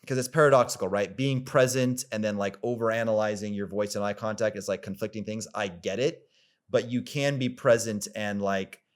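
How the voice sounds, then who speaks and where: A man's voice: on the low side, steady tone, a little fast. A man giving a coaching monologue, rambling with lots of filler words, repeating himself for emphasis and swearing casually. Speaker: dating coach.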